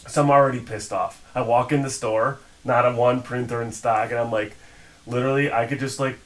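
Profane guy venting a long story to his friends, mid-pitch voice, casual podcast chat. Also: a little fast, rough recording. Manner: animated retelling with quoted voices. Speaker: podcast co-host.

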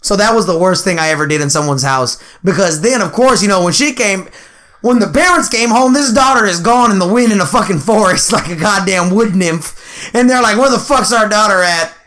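A young man telling stories in a casual podcast chat, animated and laughing, swearing freely and acting out voices. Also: high voice, brisk. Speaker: podcast co-host.

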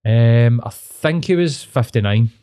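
A man's voice: mid-range voice, lively intonation, measured pace, dark tone, clear, resonant tone. A man with a Glaswegian Scottish accent, co-hosting a podcast in crude, laid-back casual chat full of swearing. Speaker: podcast co-host.

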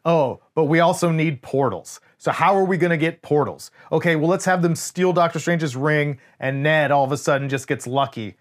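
Emphatic swearing podcast man. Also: on the high side. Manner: emphatic, swears freely, animated storytelling. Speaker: podcast co-host. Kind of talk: casual film review chat.

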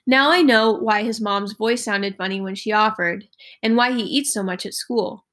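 A woman teacher reading a novel aloud to her class in an expressive way. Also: mid-range voice, normal speed.

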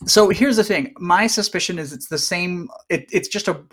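A man's voice: high voice, normal speed, fairly bright tone, husky. Chatty man picking apart a film. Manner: chatty, analytical, lots of "like". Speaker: podcast co-host. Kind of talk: casual movie discussion.

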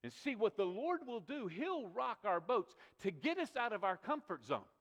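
A man's voice: sits high, sing-song, normal speed, fairly bright tone, lo-fi sound. A male pastor preaching a sermon, emphatic and repetitive, asking rhetorical questions of his congregation. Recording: long reverb of a large hall.

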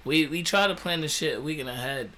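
A man's voice: on the high side, fast, sharp tone. A young adult man, hosting a casual podcast, laughing and trash-talking in loose slang. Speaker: podcast host. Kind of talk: casual banter. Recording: noisy room recording.

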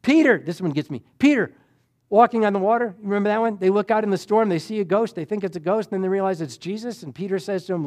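A middle-aged male preacher with a fairly high voice delivers a sermon. He retells scripture scenes with lively acted dialogue and sudden swings from near-shouting to hushed, almost intimate tones. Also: fast talker. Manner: animated, acts out Bible dialogue with sudden loud and soft swings.

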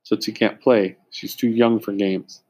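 A man's voice: fairly low pitch, steady tone, a little slow, darkish tone. A man voicing an anxious, exasperated young mother with a raised, urgent voice.

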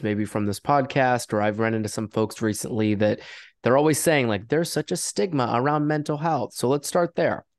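Male co-host, lower voice, easygoing and halting in conversation. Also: no echo. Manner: relaxed, agreeable, halting with restarts. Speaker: podcast co-host. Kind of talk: casual conversational podcast.

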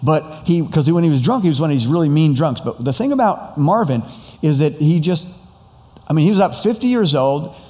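A man's voice: fairly high pitch, fairly quick. Man telling a story in an echoing hall. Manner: rambling, animated retelling with quoted dialogue. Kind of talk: storytelling talk.

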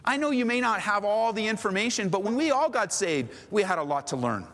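A man's voice: sits high, very animated, a little fast, fairly bright tone, in a large hall. A man preaching a sermon in a conversational way, acting out little scenes as he goes. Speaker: pastor.

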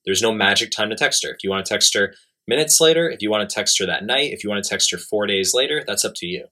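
Blunt man giving dating advice, bright tone. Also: fairly low pitch, expressive, quick pace. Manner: blunt, emphatic, repeats himself. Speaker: dating coach. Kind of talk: casual advice talk.

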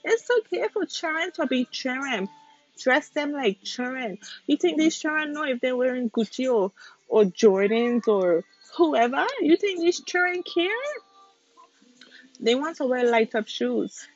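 A woman's voice: high voice, measured pace, dry recording, soft background music. Young woman, ranting podcast monologue, slightly dull lo-fi sound. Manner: emphatic, ranting, speaks straight to listeners. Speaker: podcast host. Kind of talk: casual opinion podcast monologue. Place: home, with family nearby.

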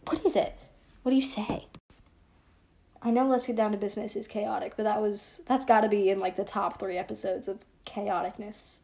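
A woman's voice: mid-range voice, steady tone, moderate pace, warm tone. A young woman co-hosting a casual podcast, giggling and restarting her intro lines. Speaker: podcast co-host. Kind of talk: casual podcast chat, blooper takes.

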